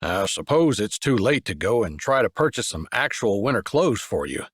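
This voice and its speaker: A man narrating an audiobook drops his voice for a steady older brother who answers with dry exasperation. The sound is close and dry, lively in its rises and falls. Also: lowish voice, moderate pace, slightly rough, no echo, voice pushed down. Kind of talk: audiobook character voice.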